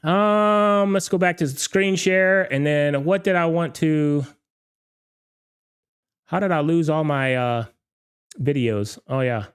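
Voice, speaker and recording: A man with a fairly high voice rants to his viewers as a DJ show host. He talks casually and emphatically, often tagging "okay?" and "all right?" onto his points. His voice has gone a little hoarse from talking all night. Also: takes it slowly, pauses often. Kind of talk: casual livestream rant.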